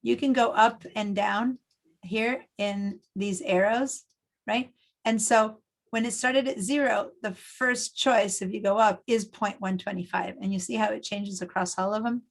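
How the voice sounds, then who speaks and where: Brief: middle-aged woman from Argentina, design teacher on a video call, some vocal fry, chatty and explanatory. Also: medium pitch, fairly even intonation, unhurried, low-quality recording. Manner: chatty, explains step by step with many fillers. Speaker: design instructor. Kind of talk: online class teaching. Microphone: computer mic on a video call.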